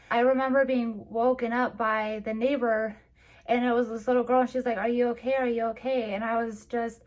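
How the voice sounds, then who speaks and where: A young woman vlogger, teary, telling a personal story in a halting way with many restarts. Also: on the high side.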